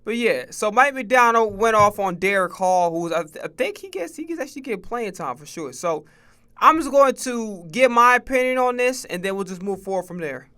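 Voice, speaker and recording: A man's voice: high-pitched, lively intonation, brisk, sharp tone, smooth. A man streaming casual sports reaction talk, profane and laughing, often stammering and repeating himself.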